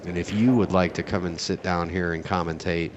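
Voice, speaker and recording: A man with a deep, low voice calls a pool match at a tournament venue. His play-by-play is casual and excitable, full of jokes and rambling side tangents. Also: brisk, noisy background. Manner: rambling, joking, excitable asides.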